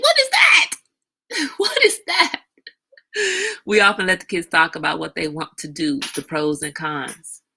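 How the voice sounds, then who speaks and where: Outspoken bright-voiced woman host. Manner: outspoken, animated, breaks into high sing-song baby voices. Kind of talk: casual livestream talk.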